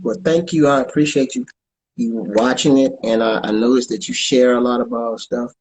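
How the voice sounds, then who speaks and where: Casting: man, comedian guest, halting conversational delivery, mid pitch. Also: fairly even intonation, darkish tone, slight background noise, low-quality recording. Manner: halting, repeats words, plugs his show. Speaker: comedian guest and podcast co-host. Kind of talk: casual interview chat.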